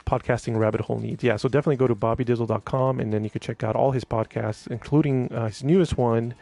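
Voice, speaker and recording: A man's voice: medium pitch, steady tone, fast talker, vocal fry, warm tone, no room sound. A man chatting casually on a live stream, rambling with many fillers and restarts while reading viewer comments.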